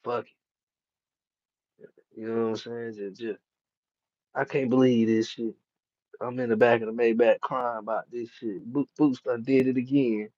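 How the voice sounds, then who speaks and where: A man's voice: medium pitch, level tone, measured pace, pauses often, warm tone, no room sound. Man, casual slangy boxing talk, dull dry recording. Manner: profane, laughing often, street slang. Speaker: boxing commentator. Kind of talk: casual chat.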